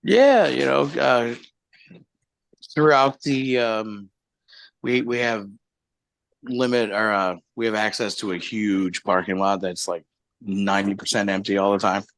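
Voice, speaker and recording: A man with a fairly low voice chats casually as a guest on a live stream, wandering through his stories and laughing at them as he goes. The sound is dry and close, with no room around it. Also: unhurried, gravelly, long pauses, a bit bright, no room sound. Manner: rambling, laughing storyteller. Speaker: guest, hobby shop owner.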